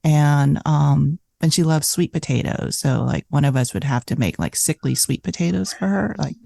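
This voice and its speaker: A woman in her fifties, a cookbook author telling animated food stories in a casual interview, full of "like" and "you know". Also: deep voice, moderate pace, creaky, no echo.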